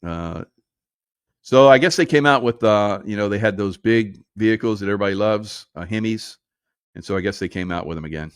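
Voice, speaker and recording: A man's voice: on the low side, a little fast, smooth, no echo. Sarcastic man with a dry close sound. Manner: sarcastic, laughing, mocking asides. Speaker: commentary show host. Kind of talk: casual political commentary.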